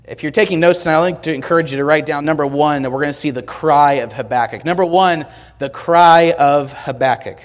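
A man preaches in a church in a high, ringing voice. He is emphatic and keeps calling questions out to the congregation. His delivery stays in a full sermon style throughout. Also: a little fast.

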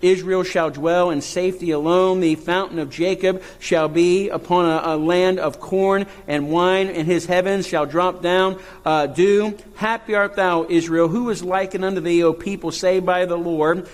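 A male pastor preaching a sermon, reading scripture and rising to impassioned high cries. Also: steady tone, moderate pace, hardly any pauses. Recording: long hall reverb.

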